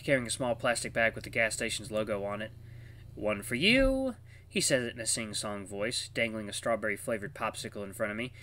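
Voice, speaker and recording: A man's voice: fairly low pitch, pushed and bright. A man reading a visual novel aloud in a casual way, with asides to his viewers. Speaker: game streamer.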